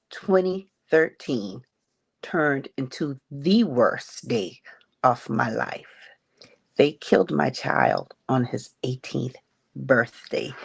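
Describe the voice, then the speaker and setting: A middle-aged woman slowly and haltingly telling a painful personal story as a podcast guest. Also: a bass voice, gravelly. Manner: slow, halting, emotional retelling. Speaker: guest sharing her story. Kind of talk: personal testimony on a grief podcast.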